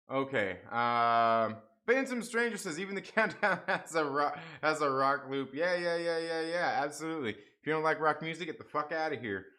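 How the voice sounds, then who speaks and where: A young man talks loosely to his livestream audience with a bright, forward voice. He curses and mutters through a technical mix-up, then reads out viewer comments in easy, unscripted chat. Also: mid-range voice. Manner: frustrated, swearing, laughing off a stream mix-up. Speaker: livestream host.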